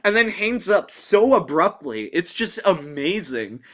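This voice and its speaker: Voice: medium pitch, very animated, measured pace, a bit bright. A movie reviewer talking casually and rambling with amusement through the plot, full of fillers and acted-out quotes.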